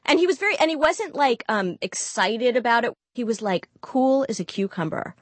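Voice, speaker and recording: Candid higher-voiced woman telling a story. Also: moderate pace, hardly any pauses, dry recording. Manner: candid, animated storytelling with quoted dialogue. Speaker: guest storyteller. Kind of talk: personal storytelling in an interview.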